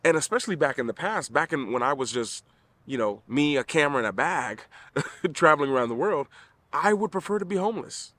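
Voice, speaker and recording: A man's voice: on the high side, expressive, a little fast, pushed and bright, dry recording. A middle-aged man giving an earnest motivational talk to camera, emphatic, often restarting his sentences. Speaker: vlogger.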